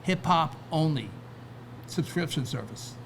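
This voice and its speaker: Male podcast guest, slightly high, gravelly voice, rambling talker full of restarts, faint background noise. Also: lively intonation, measured pace, fairly bright tone. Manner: rambling, many restarts and "right?" asides. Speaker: guest, record label founder. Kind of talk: casual interview talk.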